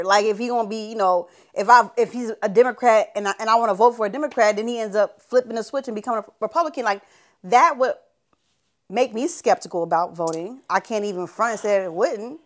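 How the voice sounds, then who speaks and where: A woman's voice: a little high, fast. A woman podcast co-host in casual chat, giving emphatic, outspoken opinions.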